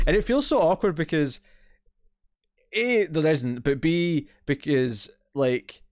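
A man co-hosting a casual podcast chat, retelling scenes in lively fashion, acting out voices and laughing often. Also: fairly high pitch, slow, dry recording, studio quality. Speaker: podcast co-host.

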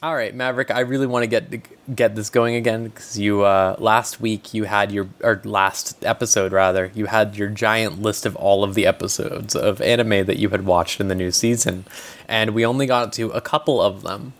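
A man hosting a podcast in casual chat, relaxed and full of fillers. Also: lowish voice, moderate pace. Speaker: podcast host.

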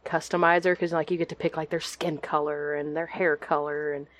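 A woman from Texas, a guest on a podcast over a video call, chatting casually with lots of fillers and quick laughs. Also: sits low, level tone, no room sound. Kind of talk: casual chat.

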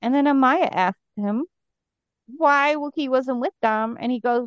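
A woman's voice: high-pitched, measured pace, no echo. A woman co-hosting a podcast, chatting casually and animatedly with playful asides as she recaps an episode. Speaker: podcast co-host. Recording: dry, dull lo-fi mic.

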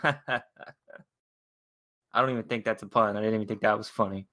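Brief: male podcast host, bright forceful tone, joking questions to the panel. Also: medium pitch, normal speed, long pauses. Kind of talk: casual chat reviewing a cartoon episode.

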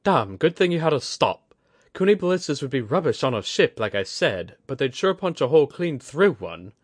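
A man voicing a blunt, rough-spoken mantis woman who captains a ship, with coarse, slangy, wry speech. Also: medium pitch, very animated, normal speed, dry recording, clean studio sound, pitched above the performer's own voice.

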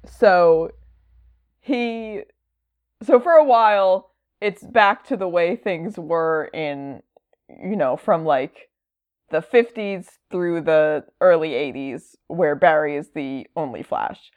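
A woman's voice: on the low side, dull audio. A woman co-hosting a podcast in casual chat, rambling with many fillers and laughing easily. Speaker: podcast co-host.

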